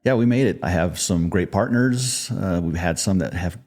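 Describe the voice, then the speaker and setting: A middle-aged man speaks in an interview with a deep, mellow voice. He talks in a relaxed, plainspoken way and plays down his own success. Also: moderate pace. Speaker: podcast guest, business founder. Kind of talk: conversational interview.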